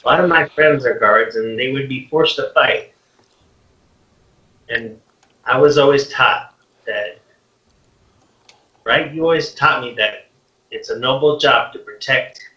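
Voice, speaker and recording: A man's voice: mid-range voice, slow pace, long pauses, sharp tone. A man voicing a kind young woman who soothes her father, in a tabletop game. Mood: soothing. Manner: soothing, pleading. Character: kind young woman, a dutiful noble daughter. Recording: roomy, distant, dull lo-fi mic.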